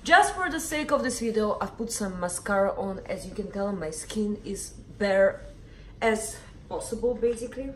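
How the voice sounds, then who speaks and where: A woman's voice: mid-range voice, animated, moderate pace, a bit bright, a little hiss or hum. A young woman talking casually to camera about her morning routine, candid and a bit grumpy. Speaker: vlogger. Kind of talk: casual vlog monologue. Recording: echoey room, camera at a distance.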